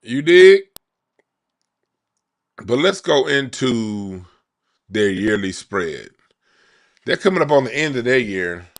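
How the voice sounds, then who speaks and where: A man's voice: on the low side, lively intonation, a little slow, fairly bright tone. A man hosting a casual card-reading monologue, talking in loose slang with frequent restarts and repeated words. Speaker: card reader, channel host.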